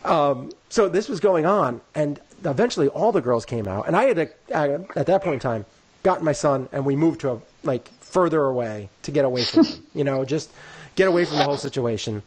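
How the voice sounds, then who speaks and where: A man with a slightly high voice co-hosts a sports podcast and tells a long, meandering story. He fills his talk with "like" and "you know," and slips into lively voices when he quotes other people. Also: a little fast, slightly rough. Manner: rambling, full of "like" and "you know". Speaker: podcast co-host. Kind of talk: casual storytelling chat.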